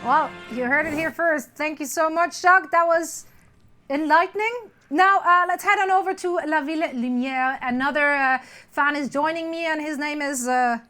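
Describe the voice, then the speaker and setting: A woman's voice: high-pitched, moderate pace, bright, forceful tone, faint music behind. A woman hosting an esports show, upbeat and joking. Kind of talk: playful scripted hosting.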